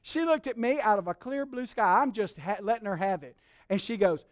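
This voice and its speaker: A man preaching a sermon as pastor, telling stories in an animated way and acting out the voices he quotes. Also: high-pitched, a little fast.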